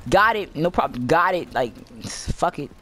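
Excitable, foul-mouthed young male gamer. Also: fairly high pitch, unhurried, a crowd in the background. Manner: excitable, swears constantly, jumps from shouts to mutters. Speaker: gaming channel host. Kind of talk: live gameplay commentary.

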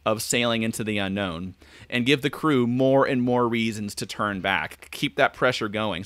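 Bright-voiced man on a video call. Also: fairly low pitch, no room sound. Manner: thinking aloud, acting out quoted lines. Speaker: podcast guest. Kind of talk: casual video call chat.

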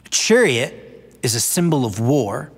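A man's voice: mid-range voice, sing-song, measured pace, slightly rough, long reverb tail. A man giving a sermon as pastor in a conversational preaching style, with asides to viewers at home. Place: church sanctuary, online broadcast.

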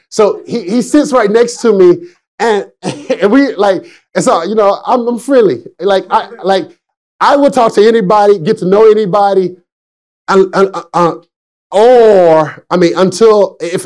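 A man in his forties, a pastor preaching a sermon, telling stories with frequent laughs and swinging between excited and hushed delivery. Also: high voice. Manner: chatty storytelling with frequent laughs. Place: church service.

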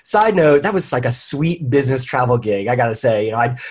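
A man's voice: mid-range voice, animated, brisk. A man telling stories as a guest on an interview show, chatty and full of restarts. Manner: chatty storyteller with many restarts. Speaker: guest, leadership consultant. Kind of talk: casual interview talk.

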